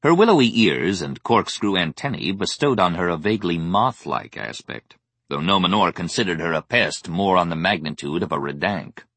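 A man reading a science fiction audiobook as narrator, in an expressive, measured way. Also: sits low, no room sound. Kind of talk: scripted narration.

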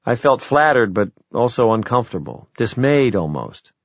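A middle-aged man reading an audiobook in the first person, measured and reflective. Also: mid-range voice, big pitch swings, no room sound. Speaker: audiobook narrator. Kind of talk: scripted narration. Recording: dry, dull lo-fi audio.

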